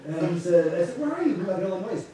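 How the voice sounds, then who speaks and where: A man's voice: high voice, very fast, a little hiss or hum. Chatty male pastor in echoey sanctuary. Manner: chatty, animated storytelling. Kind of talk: church announcements before a sermon. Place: church sanctuary. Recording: echoey sanctuary, distant mic.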